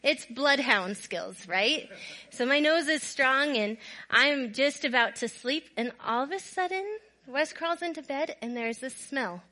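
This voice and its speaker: This middle-aged Minnesotan shares a humorous tale on camera, frequently breaking into laughter in an animated, casual way. She has a high-pitched voice and takes her time.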